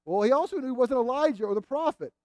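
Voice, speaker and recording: A man's voice: very high voice, lively intonation, quick pace, darkish tone, no room sound, clean studio sound. A man preaching a sermon in an earnest, emphatic way, repeating phrases to drive points home.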